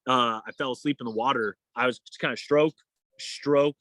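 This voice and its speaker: Steady in tone and moderate in pace, a man with a fairly bright voice tells a long story as an endurance athlete guest in a casual interview. The recording is dry and poor; he rambles, uses many fillers, and delivers quotes in a higher voice.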